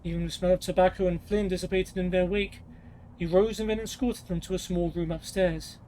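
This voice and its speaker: High-voiced man reading a story aloud. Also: brisk, a little hiss or hum, rough recording. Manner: steady storytelling read with small stumbles. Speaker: game streamer reading an in-game book aloud.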